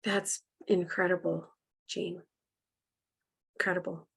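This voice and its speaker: This woman teaches spiritual healing in a live online class through her video call microphone, earnest and softly guiding, sometimes emotional. Her voice sits lowish and a bit rough, with vocal fry, a flat delivery and a slow pace.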